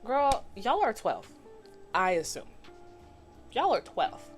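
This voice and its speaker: A woman in her twenties giving a chatty, animated recap of a cartoon episode, slipping into voices for the characters. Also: medium pitch, slow, soft background music. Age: 20s. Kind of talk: casual commentary recap.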